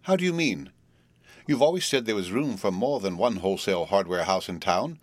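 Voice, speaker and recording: A man's voice: on the low side, animated, normal speed, fairly bright tone, no echo. A man voicing a fretful, prim young housewife who speaks curtly and disapprovingly. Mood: worried. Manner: curt, disapproving.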